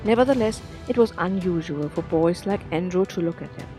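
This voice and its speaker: A woman's voice: on the low side, brisk, soft background music. Woman narrating a serial story. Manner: steady, plain reading pace. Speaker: podcast storyteller.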